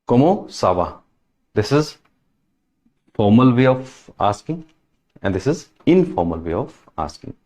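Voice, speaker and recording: Slow, lively-voiced male language teacher. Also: mid-range voice. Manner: slow, patient, repeats each word. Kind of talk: French lesson, repeating words.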